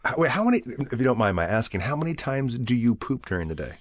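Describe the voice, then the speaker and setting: A man hosting a podcast in casual chat, asking quick, curious questions. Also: medium pitch, very animated, dry recording. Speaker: podcast host.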